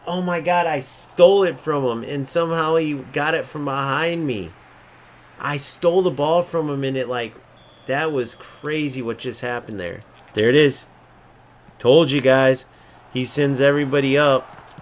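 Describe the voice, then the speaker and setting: A gaming streamer with a medium-pitched voice and normal pace rants through live commentary on his own football video game match. Angry and swearing freely, he mocks his opponents and mutters between outbursts.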